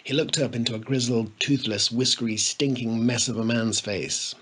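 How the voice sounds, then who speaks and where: A man narrating a comic story in a playful, expressive way. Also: mid-range voice, moderate pace, husky. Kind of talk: storybook reading.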